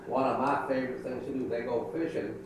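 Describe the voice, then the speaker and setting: A man's voice: mid-range voice, fairly even intonation, a little fast. An older man, a pastor, telling a folksy children's sermon about his granddaughter. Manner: folksy storytelling. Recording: echoey room, mic far off, noisy.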